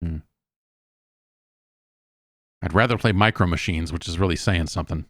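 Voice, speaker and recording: A man's voice: low-pitched, moderate pace, fairly bright tone, no room sound, clean studio sound. A middle-aged man hosting a show, giving a casual, rambling spoken review of a video game with many restarts and asides. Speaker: show host.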